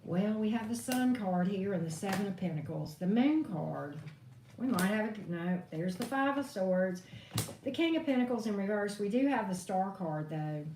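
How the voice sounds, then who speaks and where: A woman's voice: medium pitch, lively intonation, moderate pace, mellow. A woman reading tarot on a live stream, venting in a blunt, profane way. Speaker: tarot reader. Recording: echoey room, distant mic, faint noise.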